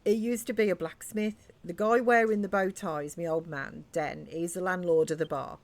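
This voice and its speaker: A woman's voice: on the low side, fairly even intonation, slight background noise, lightly acted. Woman doing a cheeky Cockney landlord's daughter. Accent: Cockney put-on. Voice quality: cheeky, brisk slang. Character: chirpy Cockney barmaid's daughter, blunt and bossy.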